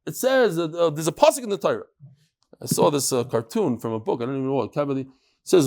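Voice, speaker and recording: A man, a rabbi, giving a daily Talmud lecture, thinking out loud, acting out the exchanges and mixing English with Hebrew and Aramaic terms. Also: a little high, animated, fast talker, creaky.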